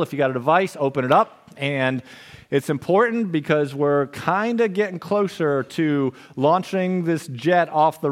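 Jokey conversational male pastor preaching. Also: fairly high pitch. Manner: conversational and jokey, playful asides. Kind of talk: sermon. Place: church.

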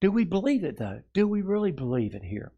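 A male pastor preaching to his congregation in a somewhat high voice. He presses his points with rhetorical questions and earnest appeals. At times he eases into a soft, tender tone. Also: big pitch swings, brisk, husky, lo-fi sound. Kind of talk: sermon. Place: church sanctuary before a congregation.

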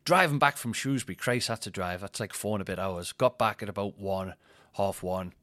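Bloke rambling through a funny story. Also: male voice, on the low side, fairly quick, bright, forceful tone, no echo, studio quality. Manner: rambling, self-mocking, laughs at his own stories. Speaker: comedian and podcast host. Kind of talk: casual anecdotal chat.

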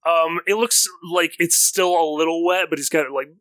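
A man's voice: a little high, normal speed, fairly bright tone, no room sound. A man narrating a tabletop role-playing game as game master, laid-back with fillers.

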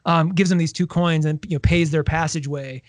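A man co-hosting a casual chat, retelling scenes with lively acted-out quotes. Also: on the high side, fairly quick, no room sound. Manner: animated storyteller, acts out quoted lines. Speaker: podcast co-host. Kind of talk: casual chat about a book series.

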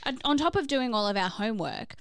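A woman's voice: a little high, very animated, quick pace, creaky, fairly bright tone, clear, resonant tone, dry recording. A woman co-hosting a podcast, chatting in a rambling, easygoing way with frequent laughter. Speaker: podcast co-host. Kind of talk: casual podcast chat.

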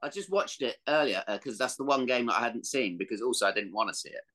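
A man co-hosting a football podcast, chatting casually and expressively, with some swearing. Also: fast talker. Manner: expressive, swearing, swings up and down in pitch. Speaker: podcast co-host.

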